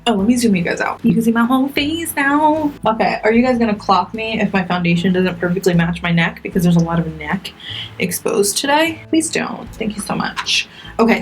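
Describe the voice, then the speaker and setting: A woman's voice: mid-range voice, a little hiss or hum. A young woman chatting casually through a makeup tutorial, self-mocking and talking straight to her viewers. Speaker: beauty vlogger.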